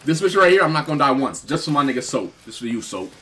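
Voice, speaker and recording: A man streaming a video game, reacting loudly with swearing and laughter. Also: mid-range voice, big pitch swings, rapid-fire, recorded from a distance, a little hiss or hum. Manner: loud, profane, laughing reactions. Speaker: gaming streamer. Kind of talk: let's play commentary.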